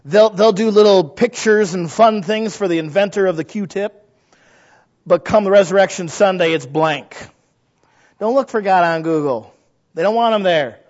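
A fairly high-voiced male pastor preaching in an emphatic, conversational way, asking his listeners questions and swinging from low asides into loud outbursts. The recording sounds muffled and lo-fi. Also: normal speed. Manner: conversational, asks the congregation questions. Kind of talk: sermon.

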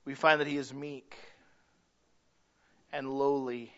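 A man's voice: medium pitch, flat delivery, takes it slowly, a bit bright, lo-fi sound. A man preaching a sermon in a conversational way, asking the congregation questions and acting out little quoted voices. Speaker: pastor.

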